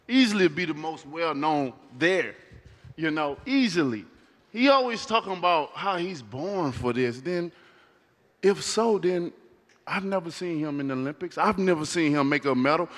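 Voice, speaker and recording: A man's voice: on the high side, a bit bright, big-room sound. A man from the United States, a boxer firing back defiantly at a press conference. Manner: defiant, repetitive. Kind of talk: press conference trash talk.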